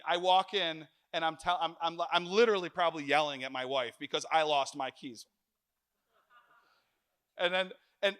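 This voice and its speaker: Man, middle-aged, preaching a sermon, animated, joking stories, bright edge. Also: on the high side, smooth. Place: church.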